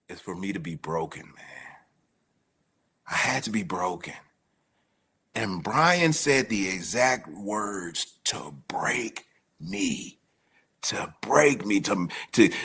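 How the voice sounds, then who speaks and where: A man's voice: medium pitch, a bit bright, husky. A man as a guest, candidly telling his own recovery story in a slangy, emotional way. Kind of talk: personal recovery testimony.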